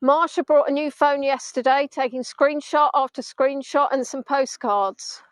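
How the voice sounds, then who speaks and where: A woman with a bright, high voice talks through a live virtual tour from a beach at sunset, filming on a phone on a gimbal. She rambles cheerfully and mocks herself with playful asides. The sound is dry and close, with no room echo. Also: fairly even intonation, measured pace. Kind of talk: chatty live tour commentary.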